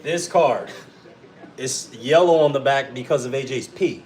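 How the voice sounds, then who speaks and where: A man's voice: mid-range voice, a little slow, roomy sound, slight background noise, poor audio. A man, hosting a casual talk show and telling stories with a lot of swearing. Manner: animated, swears a lot, acts out his own shouting. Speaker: podcast host. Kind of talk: casual storytelling chat.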